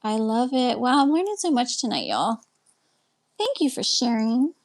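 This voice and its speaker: Very animated at a normal speed, her voice runs a little high. This Texan live stream host and life coach chats on her webcam, greeting viewers and answering each comment, even while a bit tired and winding down.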